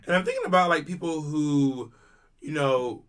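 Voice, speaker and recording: A man's voice: on the high side, moderate pace, clear, resonant tone. A man co-hosting a podcast, chatting casually, musing aloud and asking questions. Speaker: podcast co-host. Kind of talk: casual chat.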